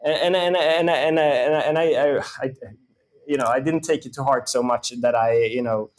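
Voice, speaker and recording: A man's voice: mid-range voice, normal speed. A man in his thirties, a startup co-founder, talking casually as an interview guest, with lots of fillers and restarts. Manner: rambling, many fillers and restarts.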